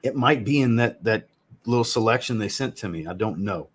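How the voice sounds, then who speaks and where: A man with a fairly low voice chats casually on a home livestream. He answers viewers in a blunt, joking way and swears freely. He sounds like a man in his thirties. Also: animated, fairly quick, a little hiss or hum. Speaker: fragrance reviewer hosting a live chat. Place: home room with a fragrance shelf.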